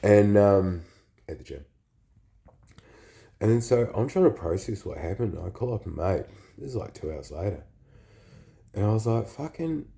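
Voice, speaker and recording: Man, flu-sick, very low creaky voice, rambling confessional storytelling. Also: mellow. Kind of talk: casual personal storytelling.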